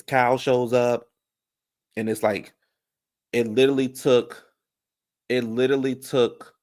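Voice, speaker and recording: A man giving a sassy, animated casual recap of a reality TV episode, laughing often. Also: mid-range voice. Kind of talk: casual reaction commentary.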